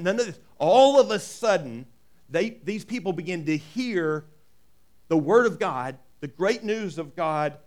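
High-voiced folksy preacher man. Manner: folksy, joking asides, lively preaching. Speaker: pastor. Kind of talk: sermon.

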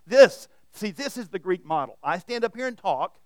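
A man's voice: on the high side, expressive, fast, hardly any pauses, no echo, studio quality. A man preaching a sermon to a room of listeners, retelling stories and often restarting his words. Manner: storytelling, repeats and restarts words. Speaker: pastor. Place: church hall with audience.

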